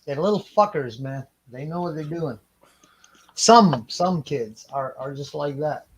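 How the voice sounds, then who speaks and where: A man's voice: on the high side, animated, measured pace, noisy background. A man in a casual stream chat, earnestly explaining things at length.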